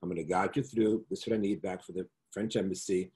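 A flamboyant middle-aged man chats as a guest over a video call, his voice sitting fairly low. He tells his stories with animation and slips into the voices and accents of whoever he is quoting. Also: steady tone, quick pace, mellow. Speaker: interview guest. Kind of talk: casual interview chat.

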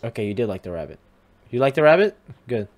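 A man's voice: mid-range voice, sing-song, quick pace. A young man giving casual game commentary, teasing and talking back to the characters on screen. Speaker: gamer.

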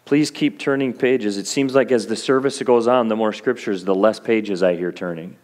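A man's voice: lowish voice, moderate pace, a little mellow. A male pastor preaching a sermon in an earnest, encouraging way, with homely humorous asides to his congregation.

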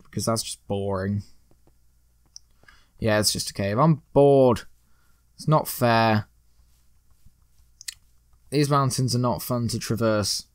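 A man's voice: mid-range voice, no room sound, studio quality. A man hosting a let's play, giving rambling, joking gameplay commentary full of puns. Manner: rambling, joking, pun-loving.

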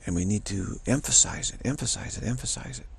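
A man giving a casual spiritual talk to camera, rambling and repeating himself with halting restarts. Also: fairly low pitch, gravelly, husky. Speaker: spiritual vlogger.

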